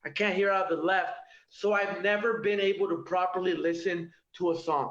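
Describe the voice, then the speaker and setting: A man's voice: high voice, fairly even intonation, brisk, a bit bright. A man performing a stand-up routine from his home kitchen, with a punchy delivery that tags jokes with "okay?" and "all right?". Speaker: stand-up comedian. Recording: roomy, dull lo-fi home recording.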